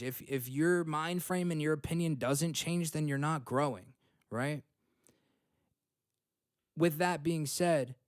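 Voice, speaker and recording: A man's voice: a little high, clear, resonant tone, no room sound, clean studio sound. A young man hosting a self-help podcast from home, blunt and profane, checking in often with "okay?" and "right?". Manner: blunt, swears freely, repeats points with "okay?" and "right?". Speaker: podcast host. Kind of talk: motivational self-help talk.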